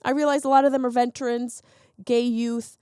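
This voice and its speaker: A comedian hosting her podcast, a woman giving an animated, sarcastic monologue that keeps jumping into silly voices. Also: fairly high pitch, fairly quick, smooth, no room sound, studio quality. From Sicilian heritage, lives in Los Angeles.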